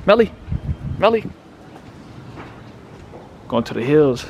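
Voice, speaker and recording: A man casually vlogging outdoors on a handheld phone, chatty and laughing often, slipping into high coaxing baby talk with his dog. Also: very animated, takes it slowly, a little mellow, highs cut off, slight background noise. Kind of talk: casual vlog narration. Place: outdoors in a city park and streets.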